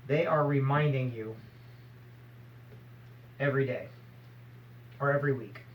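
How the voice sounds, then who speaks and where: A man's voice: medium pitch, unhurried, dull audio, slight background noise. A man giving a blunt, emphatic motivational talk, firing rhetorical questions and acting out short scolding exchanges. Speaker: motivational speaker.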